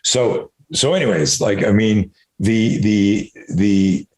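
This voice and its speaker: Male interview guest, middle-aged, low voice, candid and animated storyteller, echoey room sound. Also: slow. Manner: animated, swears freely, acts out his own inner dialogue. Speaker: self-defense expert guest.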